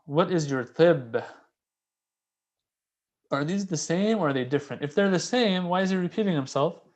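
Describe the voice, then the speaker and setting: A man giving a casual, conversational religious lecture, animated and repeating key phrases for emphasis. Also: sits high, fast. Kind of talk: casual sermon explaining a classical text.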